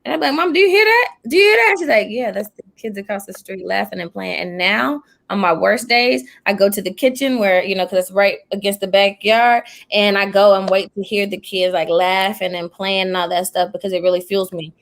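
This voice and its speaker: Animated woman preacher chatting. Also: mid-range voice, normal speed, vocal fry, few pauses. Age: young adult. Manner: animated, emotional, church-inflected storytelling. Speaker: preacher and podcast host. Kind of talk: casual chat.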